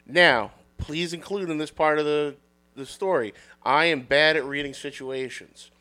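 A man's voice: on the high side, a little slow, sharp tone. A man doing a comic bar-story bit, profane and self-mocking, acting out the voices. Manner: profane, self-deprecating, acts out quotes. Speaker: podcast guest. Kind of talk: comedic storytelling.

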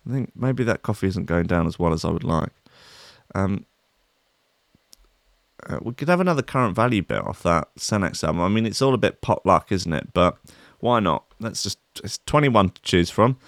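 A man's voice: low-pitched, lively intonation, moderate pace, creaky, no echo. A man hosting a casual live stream, rambling and apologetic, swearing and poking fun at himself. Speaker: stream host.

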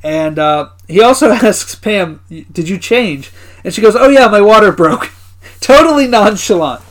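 A man's voice: high voice, lively intonation, unhurried. A man co-hosting a podcast who casually recaps episodes, laughing often and swearing now and then. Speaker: podcast co-host.

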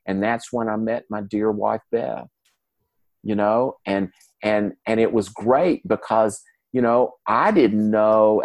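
A man's voice: fairly low pitch, no echo. Folksy man telling stories. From Mississippi, US. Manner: folksy, animated storyteller who acts out dialogue. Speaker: guest in recovery. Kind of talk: casual storytelling interview.

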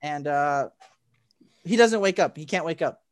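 A man's voice: on the high side, animated, a little slow. A man in casual chat, recapping a film with lots of fillers and restarts and acting out quotes as he goes. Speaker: co-host recapping an anime film.

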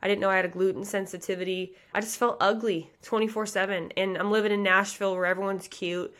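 A woman in her early thirties from the American Midwest hosts a motivational podcast. She talks fast and passionately, full of casual asides and direct address to her listeners, in a mid-range voice. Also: medium pitch, flat delivery, a bit bright. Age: 30s. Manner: passionate, fast, chatty with many likes and you guys. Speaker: pageant coach and podcast host.

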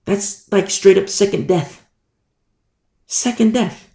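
A man preaching a sermon, telling a story with lively energy and acting out shouted warnings. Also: high voice, slow pace, gravelly, long pauses. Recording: echoey room.

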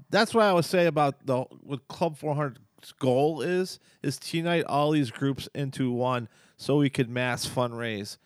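A man's voice: mid-range voice, no echo. A man hosting a casual podcast, chatting and asking a guest questions. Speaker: podcast host.

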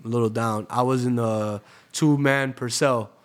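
A man's voice: medium pitch, fairly even intonation, measured pace. A young man from Florida, a guest on a podcast, telling a story in casual, streetwise talk, swearing freely and calling the host bro.

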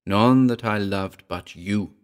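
A man's voice: on the low side, slow, clean tone. A man voicing the ghost of a dead actress, speaking tenderly and sadly in a throbbing contralto. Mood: sorrowful. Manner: tender, mournful.

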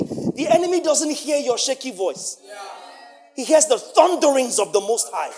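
A man preaching a sermon as pastor, swinging from booming declarations to hushed phrases. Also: sing-song, unhurried, big-room sound.

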